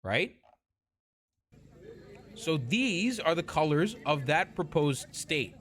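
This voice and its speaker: Brief: male streamer-style commentator, pitched a bit high, explanatory, blunt, restarts often. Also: sing-song, slow, fairly bright tone. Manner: explanatory, restarts and corrects himself; blunt, scornful toward police. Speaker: commentator reacting to footage. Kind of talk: casual commentary over video.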